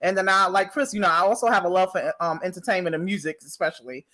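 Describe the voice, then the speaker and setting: A woman's voice: on the low side, fast talker, fairly bright tone. Blunt New York woman co-host. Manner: direct, blunt, laughs often. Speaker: podcast co-host. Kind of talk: casual interview chat.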